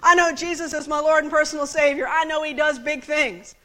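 A woman from the United States preaches to her congregation with a high, bright voice. She tells her story in a chatty, animated way and laughs along with the room. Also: fairly quick. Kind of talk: sermon storytelling.

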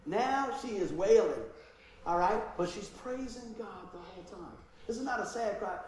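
A man's voice: high voice, moderate pace, far from the mic, a little hiss or hum. Man preaching in an echoey hall. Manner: animated, acts out dialogue, swings from loud to hushed. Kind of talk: sermon storytelling.

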